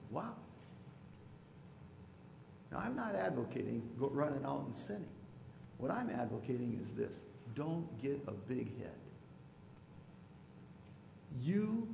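Gravelly preacher man in an echoey hall. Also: on the high side, a little hiss or hum. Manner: preachy, rising to loud mocking voices for imagined objectors. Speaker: pastor. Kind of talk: sermon. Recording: echoey hall with long reverb.

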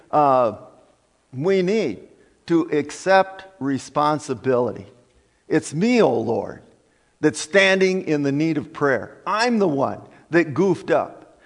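Slow, deliberate preacher in an echoing hall. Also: male voice, mid-range voice. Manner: emphatic, deliberate, with frequent fillers. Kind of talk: sermon. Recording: long reverb of a hall.

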